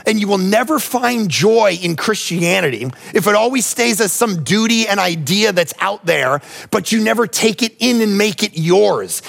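A male pastor with a notably high voice and a gravelly, frayed edge to it. He preaches in a conversational way, weaving personal stories into his sermon and pressing his point with direct appeals to the congregation. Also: lively intonation, moderate pace, hardly any pauses, fairly bright tone. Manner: conversational, emphatic, often addresses listeners directly.

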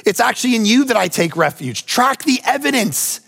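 A male pastor with a notably high voice and a gravelly, frayed edge to it. He preaches in a conversational way, weaving personal stories into his sermon and pressing his point with direct appeals to the congregation. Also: sing-song, normal speed, a bit bright. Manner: conversational, emphatic, often addresses listeners directly.

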